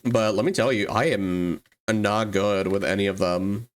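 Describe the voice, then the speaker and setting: A livestreamer and 3D artist in casual chat who laughs often, swears freely and jumps up in pitch when excited. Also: measured pace.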